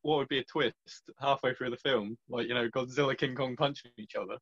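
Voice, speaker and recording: A man's voice: medium pitch, fairly even intonation, brisk, a bit bright. A young man, bantering playfully in a casual chat. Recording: dull lo-fi sound.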